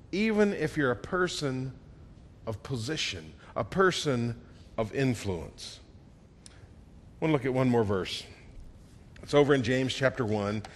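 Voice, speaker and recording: A male preacher delivers a sermon with expressive swings between strong emphasis and hushed moments. His voice sits a little high for a man. Long reverb from the church hall trails each phrase. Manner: expressive, acts out quoted voices with swings in loudness.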